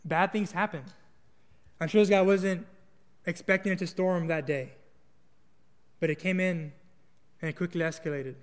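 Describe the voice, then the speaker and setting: A man's voice: high voice, fairly even intonation, normal speed, pauses often, long reverb tail. A young man preaching a sermon, telling stories in a casual, earnest way with small restarts. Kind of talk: sermon with storytelling.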